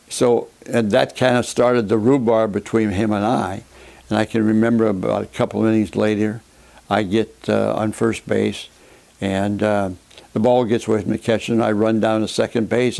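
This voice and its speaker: An older man, a former catcher, recalling his playing days in an unhurried storytelling way with plenty of fillers. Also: lowish voice, level tone, a little mellow. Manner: gravelly, unhurried, with many uh fillers. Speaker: former baseball catcher interviewee. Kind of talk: storytelling reminiscence.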